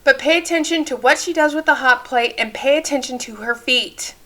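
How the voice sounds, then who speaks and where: A woman's voice: sits high, a little fast, pushed and bright. A woman hosting a channel, commenting candidly on a clip and giving safety advice in a chatty way. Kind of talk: reaction commentary.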